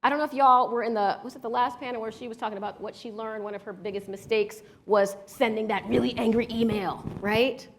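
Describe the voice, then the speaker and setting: A lively woman from Washington, D.C. teaches a breathwork workshop, talking straight to the crowd with an easy "y'all". Her voice sits a little high for a woman. She guides each breath step by step. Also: fairly quick, few pauses, slight background noise. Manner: lively, chatty, addresses the audience with "y'all". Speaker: workshop leader. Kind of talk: live workshop talk with a story.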